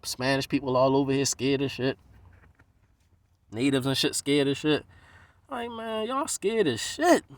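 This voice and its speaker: A man from the East Coast rants to the camera in a loose, streetwise way, full of swearing. His pitch jumps high and low as he gets worked up. The sound is close and dry, with no room around it. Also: a little slow, pauses often, no echo. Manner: animated, profane, streetwise, slips into voices of others. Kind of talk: casual profane monologue.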